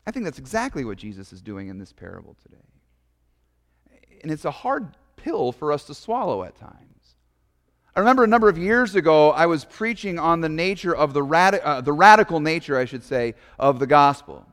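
A man's voice: a little high, sing-song, moderate pace, fairly bright tone, in a large hall. A man, a pastor, preaching a sermon in a conversational, storytelling way with casual asides.

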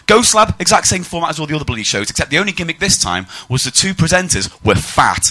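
Male stand-up, animated and mocking, bright and pushy. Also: on the high side, fast. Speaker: stand-up comedian. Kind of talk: live stand-up comedy set.

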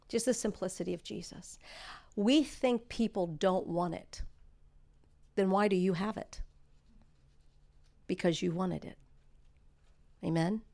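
Woman, middle-aged, sermon, earnest storytelling, emphatic exhortation, medium pitch. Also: darkish tone. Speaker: speaker at a church. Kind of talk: sermon with personal stories.

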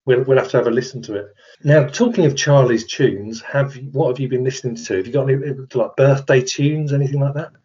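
Husky guy cohosting a podcast, jokey banter, kinda dull lo-fi sound. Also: mid-range voice, brisk, mellow. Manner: chatty, joking banter. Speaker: podcast co-host. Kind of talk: casual chat.

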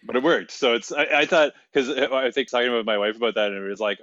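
Brief: male host, quick jokes and laughs, dry close mic, slightly muffled lo-fi audio. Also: mid-range voice, fairly even intonation, a bit bright, no echo. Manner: joking, laughs often. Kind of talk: casual podcast chat. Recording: slightly dull lo-fi sound.

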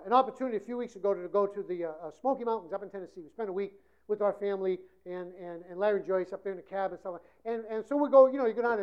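A woman preaching a sermon with passion, swinging between loud emphasis and hushed passages. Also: a little high. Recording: dull lo-fi recording.

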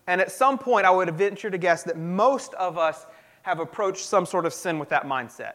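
A man's voice: high voice, expressive, normal speed, fairly bright tone. A pastor giving a sermon in an earnest, conversational way, often restarting his sentences.

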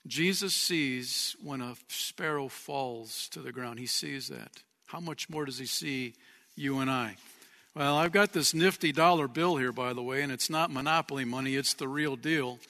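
Bright-voiced pastor preaching in a hall. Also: male voice, fairly high pitch. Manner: lively, chuckling, conversational preaching. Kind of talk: sermon. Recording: long church-hall reverb.

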